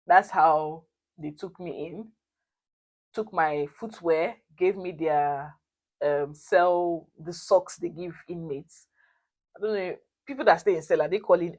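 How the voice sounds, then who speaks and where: A young woman, telling a personal story to her viewers in a lively, expressive way. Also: fairly low pitch. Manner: animated, expressive storytelling with frequent laughter. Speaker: vlogger. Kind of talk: casual storytime.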